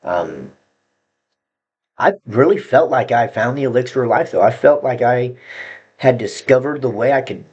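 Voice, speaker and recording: A man's voice: mid-range voice, expressive, normal speed, long pauses, darkish tone, breathy edge, highs cut off. A man telling his own story in a blunt, profane, rambling way, breaking into nervous laughs. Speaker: vlogger sharing his addiction story. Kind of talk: candid confessional monologue.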